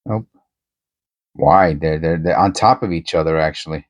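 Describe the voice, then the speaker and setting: A man hosting a casual coin-hunting vlog, rambling and excitable, often tacking "man" onto his sentences. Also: deep voice, unhurried.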